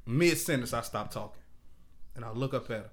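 A man's voice: medium pitch, a little fast. A young man in casual group chat, telling a candid story with profane slang.

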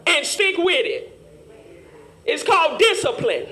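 A woman preaches a Sunday school lesson in a very high, lively voice. She teases her listeners with call-and-response and climbs to fervent shouts. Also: unhurried.

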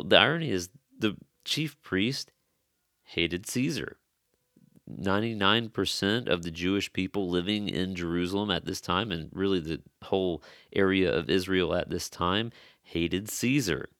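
Deep-voiced man preaching a sermon. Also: fairly bright tone, no room sound, studio quality. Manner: conversational, earnest, stresses key phrases. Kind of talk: expository sermon.

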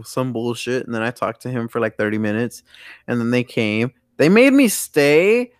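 A late-teen guy chatting on a podcast, his pitch swinging up and down constantly as he tells crude, laughing stories. The sound is close and dry, with no room around it. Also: no echo. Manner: animated, profane storytelling with frequent laughter. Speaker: podcast co-host. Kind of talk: casual chat.

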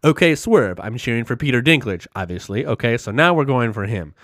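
A man recapping a movie in a casual podcast chat, animated and heavy on the swearing as he rambles through the plot. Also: mid-range voice, fairly quick, no room sound, studio quality. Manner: animated, profane, rambling storyteller.

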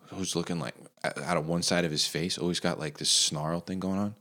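A man's voice: low-pitched, fairly even intonation, brisk, fairly bright tone. A young man in a casual, comedic rant, rambling with lots of fillers and repeats.

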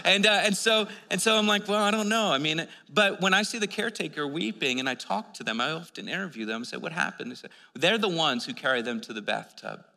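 A man's voice: a little high, lively intonation, a little fast, creaky, few pauses, bright, forceful tone. A man preaching a sermon, telling stories in a conversational way with many restarts. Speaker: pastor. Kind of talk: sermon with storytelling. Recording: long hall reverb.

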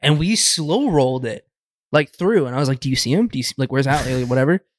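A man's voice: medium pitch, lively intonation, fast, no echo, clean studio sound. A young man co-hosting a casual podcast who jokes around, swears freely and tells his own side stories. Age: young adult. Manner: joking, swears casually, chimes in. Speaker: co-host.

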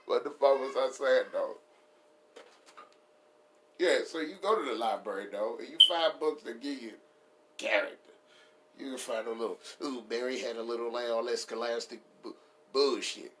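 A man ranting casually and profanely for laughs, rambling, laughing at his own jokes and jumping into high put-on voices. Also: moderate pace, pauses often, fairly bright tone, slight background noise. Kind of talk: casual comedic rant.

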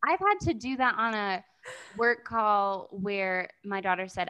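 Thirties mom, casual and rambling, dry close-miked sound. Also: female voice, mid-range voice, unhurried, sharp tone, clear, resonant tone, no room sound, rough recording. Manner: chatty, rambling, says like a lot. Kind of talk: casual chat.

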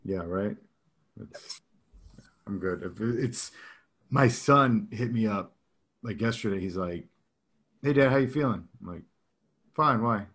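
A man's voice: on the low side, lively intonation, unhurried, pauses often, a bit bright, breathy edge. A man in his thirties or forties co-hosting a podcast in casual, rambling chat, laughing often as he talks. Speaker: podcast co-host.

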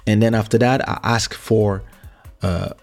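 A man's voice: lowish voice, fairly even intonation, unhurried, vocal fry, darkish tone. A man, hosting a podcast and casually telling a story from his music career, repeating and restarting words as he recalls. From France. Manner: reminiscing, frequent word repeats and restarts.

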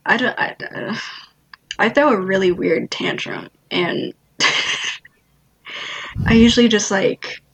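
A woman's voice: mid-range voice, slow pace, vocal fry, pauses often, fairly bright tone, breathy edge. A young woman hosting a casual chat, rambling with lots of fillers and giggles. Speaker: host.

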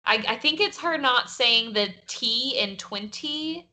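Woman, light Southern accent, bright, casual chat, filler-heavy. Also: a little high, slow. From American South. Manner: chatty, laughing, many fillers. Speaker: podcast co-host.

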